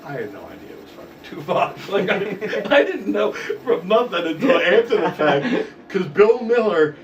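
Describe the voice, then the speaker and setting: A man co-hosting a stream who tells stories in casual, animated chat, with a lot of swearing. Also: sits high, normal speed, dull audio. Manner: profane, animated storyteller. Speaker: stream co-host. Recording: echoey room, distant mic, faint noise.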